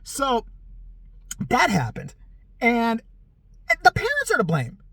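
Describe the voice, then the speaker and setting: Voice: mid-range voice, huge pitch swings, slow, bright, forceful tone, breathy edge. A vlogger ranting bluntly in commentary, swearing often and sarcastic throughout.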